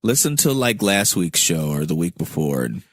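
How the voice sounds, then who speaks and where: A man's voice: low voice, sing-song, normal speed, dry recording, studio quality. A man co-hosting a casual podcast, teasing his partner with playful jabs. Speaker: podcast co-host.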